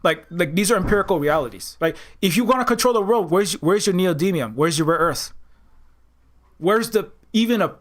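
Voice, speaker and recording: A man with a high voice delivers heated, unscripted political commentary. He rambles and restarts his sentences often, and he mocks opposing views in a raised voice. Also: expressive, a little fast, fairly bright tone.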